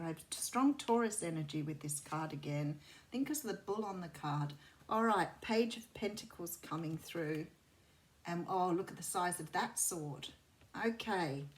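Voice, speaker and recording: A soothing Australian woman in middle age reads tarot cards in a relaxed, chatty way. Her voice sits slightly low. She rambles from thought to thought, restarting sentences as her intuition leads. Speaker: tarot reader. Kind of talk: chatty tarot reading to camera.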